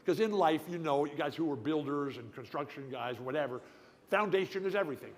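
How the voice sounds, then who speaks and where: An older man with a lifelong stutter tells a long, rambling story at an awards dinner. He talks in an emphatic, folksy way and jumps from one tangent to the next. His voice sits a little high and carries a long reverb from a large banquet hall. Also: brisk. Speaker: guest speaker at an awards dinner.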